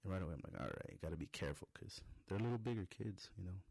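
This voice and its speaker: A man's voice: sits low, animated, racing, gravelly, a little mellow, slightly rough, dry recording. A young adult man on a podcast, telling a rambling, profane story in a casual monologue. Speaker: podcast host.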